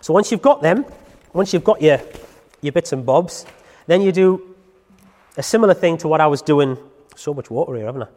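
A man's voice: fairly high pitch, lively intonation, normal speed, pauses often, darkish tone, big-room sound. A man, a dog trainer explaining in a casual chatty way, full of tag questions. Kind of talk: casual instructional talk to camera.

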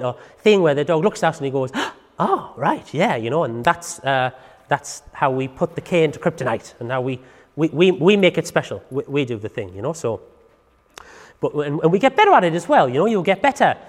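A man, a dog trainer giving a chatty, animated informal talk that is full of asides. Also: a little high, in a large hall. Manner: chatty, animated, self-styled clown, repeats "you know what I mean".

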